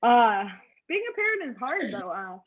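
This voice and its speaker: A woman's voice: fairly high pitch, sing-song, normal speed, crowd noise. A middle-aged woman doing a stand-up comedy set over a video call, with a crude, offhand delivery. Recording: tinny phone-like video call audio.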